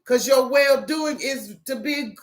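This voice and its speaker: A woman with a Southern US accent giving a casual devotional talk, animated and preachy, acting out phone calls as she goes. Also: sits high, slow. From American South. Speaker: Christian single encouraging viewers.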